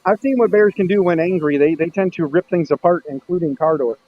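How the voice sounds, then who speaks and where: A man's voice: on the high side, a little fast, dry recording, highs cut off. A man hosting a casual livestream chat, telling stories in a rambling way with frequent restarts. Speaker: host of a maker livestream.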